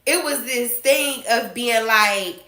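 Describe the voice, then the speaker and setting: A woman, telling a story about her job in a casual, animated way and acting out both sides of an argument. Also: on the high side, slow, echoey room. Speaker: vlogger telling a work story.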